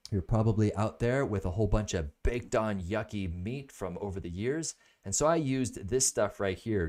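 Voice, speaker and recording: A man hosting a casual live product review, enthusiastic and rambling into stories. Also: lowish voice.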